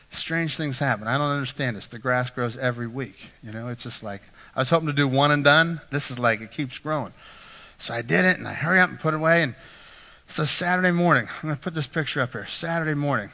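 Middle-aged male pastor, crisp bright tone, chatty anecdotal preaching, church reverb. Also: medium pitch. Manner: animated, self-deprecating anecdotes with frequent "right?" asides. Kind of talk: storytelling sermon. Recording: echoey hall reverb.

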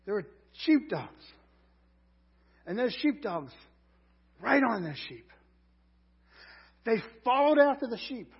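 A man preaching a sermon in a conversational way, rising loud on scripture lines. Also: high-pitched, lively intonation, unhurried, pauses often, slightly rough, lo-fi sound. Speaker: pastor.

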